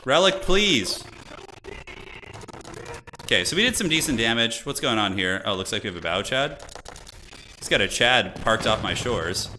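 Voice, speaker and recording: A man's voice: on the low side, animated, fairly quick, sharp tone, a little hiss or hum. A young man streaming a strategy game, chatting casually and thinking aloud as he plays. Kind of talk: casual gameplay commentary.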